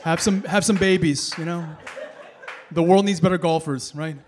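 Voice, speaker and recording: A man's voice: fairly high pitch, moderate pace, over a noisy crowd, heavy background noise. A man in his thirties doing a stand-up comedy set, telling stories and acting out voices. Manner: animated storytelling, acting out voices. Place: comedy stage with laughing audience.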